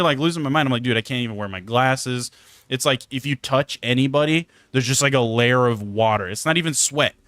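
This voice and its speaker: A young man streaming a game tells stories to his chat, animated, exasperated and swearing freely. His mid-range voice is captured on a close desk mic with a dry, clean studio sound.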